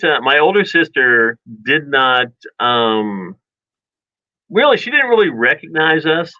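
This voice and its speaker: A man's voice: medium pitch, sharp tone, no room sound, muffled recording. A man co-hosting a radio show, telling a long rambling childhood story in casual chat and acting out family quotes. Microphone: studio microphone.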